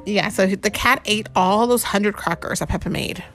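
A woman's voice: medium pitch, normal speed, fairly bright tone, faint music behind. A woman reading a storybook aloud to her child at home, chatty and asking him questions along the way.

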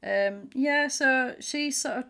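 A woman's voice: high voice, slow pace, vocal fry, sharp tone, clean tone. A woman chatting casually as a podcast co-host, retelling film scenes and anecdotes with quoted voices. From England. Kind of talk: casual chat.

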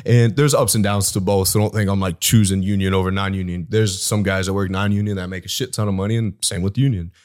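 Blunt, profane man with a low voice. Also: steady tone, fast, few pauses, a little mellow. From Southeast Iowa. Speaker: podcast guest, personal trainer. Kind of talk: casual podcast conversation.

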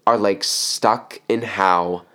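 Low-voiced young man rambling casually. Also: steady tone, takes it slowly, bright, forceful tone. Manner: rambling, filler-heavy, blunt opinions. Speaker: podcast co-host. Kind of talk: casual chat.

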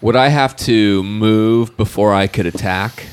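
Playful low-voiced man at a game table. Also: a little slow, clear, resonant tone. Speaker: player. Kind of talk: casual tabletop game chat.

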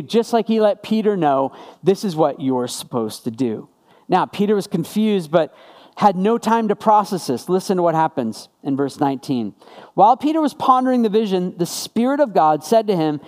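A man's voice: sits high, darkish tone, long reverb tail. A man preaching a sermon in a conversational way, piling up rhetorical questions. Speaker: pastor.

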